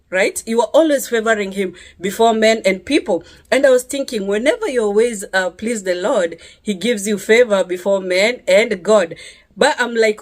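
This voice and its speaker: A woman delivers an emotional personal testimony in a voice of ordinary middle pitch. She speaks in an impassioned, pleading way and keeps checking in with her listeners with a quick "yeah?". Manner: impassioned, pleading, often ends phrases with "yeah?".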